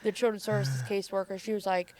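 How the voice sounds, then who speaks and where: A crowd can be heard behind this podcast guest, a mother who tells her personal story candidly and casually, with frequent "like." Her mid-range voice is expressive and quick.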